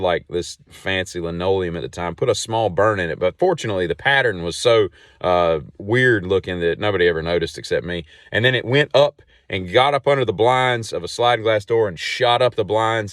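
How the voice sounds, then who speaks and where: A man hosting a podcast and telling a long casual story in a rambling, animated way with many asides. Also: deep voice, no room sound, studio quality. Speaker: podcast host.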